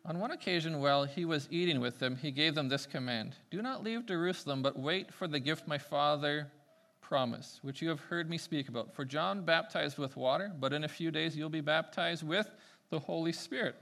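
A man preaching a sermon, swinging between loud emphatic peaks and quiet asides. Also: a little high, moderate pace, vocal fry.

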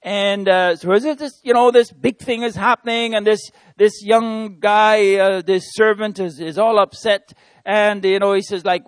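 A man's voice: high voice, moderate pace, dry recording. A man who works as a missionary, preaching an informal sermon in an earnest, conversational way and speaking to listeners as friends.

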